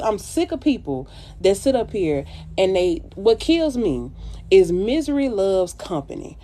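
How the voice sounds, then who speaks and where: A woman's voice: medium pitch, big pitch swings, a little slow, mellow. A woman streaming live and giving her followers a blunt, profane, preachy pep talk. She calls her listeners baby and child. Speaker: makeup artist livestreaming.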